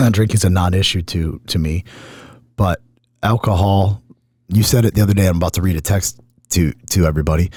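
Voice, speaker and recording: A man's voice: low-pitched, a little mellow, husky, no echo, clean studio sound. A middle-aged man hosting a podcast, talking candidly and emotionally and swearing often. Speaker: podcast host.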